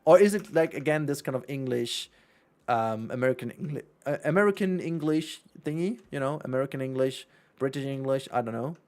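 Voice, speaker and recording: A man's voice: medium pitch, a little fast, a little mellow. A man from Germany with a German accent, chatting casually and rambling on a gaming livestream, often correcting himself and laughing. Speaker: streamer.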